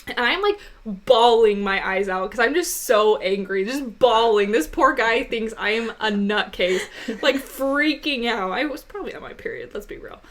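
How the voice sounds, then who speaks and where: A young woman co-hosting a podcast, telling a personal story in a casual, animated way, laughing often. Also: normal speed, few pauses. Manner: animated, laughing, gets high and loud when retelling upset moments. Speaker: podcast co-host.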